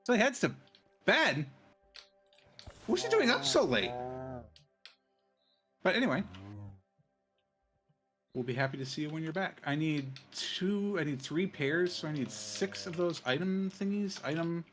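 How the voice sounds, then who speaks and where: A man's voice: on the high side, lively intonation, moderate pace, a bit bright, faint music behind. A man streaming a game, chatting casually and muttering to himself as he crafts items. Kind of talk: casual gameplay chat.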